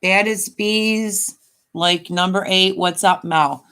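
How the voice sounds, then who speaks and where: A woman's voice: medium pitch, steady tone, slow pace, sharp tone, smooth. A woman in her fifties hosting a casual live stream, chatting in a rambling way and reading viewer comments aloud.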